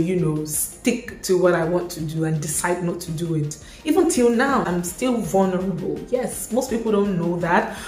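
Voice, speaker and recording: A young Nigerian-accented woman vlogs casually in a lowish, darkish voice, chatting expressively and dropping in Yoruba asides. The room is echoey, with faint music playing.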